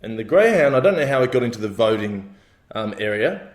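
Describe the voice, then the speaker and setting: A man's voice: medium pitch, big pitch swings, brisk. Laid-back Australian male co-host, dry humour, roomy sound. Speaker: podcast co-host. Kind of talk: casual comedic chat.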